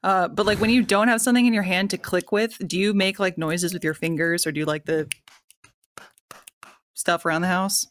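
A woman's voice: fairly low pitch, fairly even intonation, brisk, a bit bright, slight background noise. A woman in her thirties co-hosting a podcast, chatting and asking questions. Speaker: podcast co-host. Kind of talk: casual chat.

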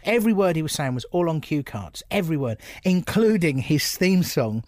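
A middle-aged man from England, telling stories from his stand-up career in an animated, laughing way. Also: a little high, moderate pace, no echo, clean studio sound. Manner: animated storyteller, laughs often. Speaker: comedian guest. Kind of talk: casual anecdotal chat.

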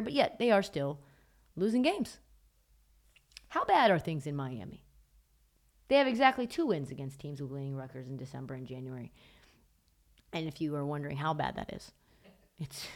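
A woman's voice: lowish voice, fairly bright tone. A woman hosting a sports talk podcast, delivering an emphatic, gleefully mocking monologue in short punchy bursts. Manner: punchy repeated short phrases. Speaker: podcast host.

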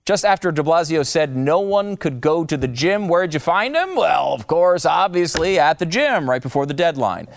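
A man's voice: on the high side, animated, normal speed, gravelly, few pauses. A man hosting political commentary in a mocking, sarcastic way.

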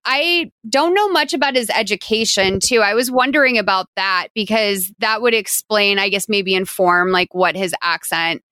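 A woman's voice: medium pitch, moderate pace, few pauses, bright, forceful tone, clear, resonant tone, no room sound. A woman hosting a podcast, chatting casually and animatedly, laughing often. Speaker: podcast host. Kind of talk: casual chat.

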